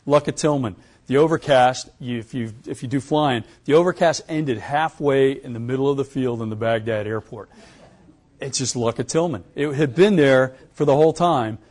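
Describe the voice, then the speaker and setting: An older American man, a retired pilot, giving a lecture and telling stories from his career, acting out the dialogue with lively chuckles. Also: mid-range voice, moderate pace. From United States. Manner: animated storyteller who acts out quoted dialogue, chuckling. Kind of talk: anecdotal lecture storytelling.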